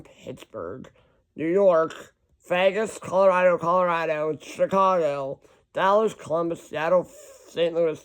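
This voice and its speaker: A man's voice: a little high, smooth. A man in casual solo commentary, rambling and correcting himself as he reads long lists of teams aloud. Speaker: hockey fan ranking team schedules.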